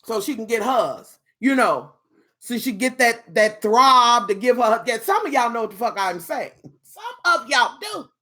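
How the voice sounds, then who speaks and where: Woman, sassy live-stream chat, bawdy, fairly high voice. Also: expressive, normal speed, sharp tone. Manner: sassy, bawdy, laughing asides to viewers.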